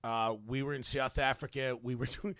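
Comedian guy telling a story, bright voice, dry mic, swears a lot and cracks himself up. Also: medium pitch, normal speed, no echo. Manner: animated, profane, laughs loudly. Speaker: comedian podcast co-host.

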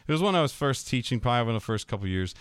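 A man's voice: mid-range voice, very fast, smooth, dry recording. A man who teaches middle school, telling stories in casual podcast chat and acting out his students' voices. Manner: animated storyteller, acts out students' voices.

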